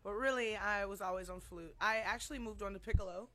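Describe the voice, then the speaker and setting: A woman's voice: medium pitch, fast, sharp tone. A woman being interviewed about her music, playful and teasing, laughing often. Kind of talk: casual interview banter.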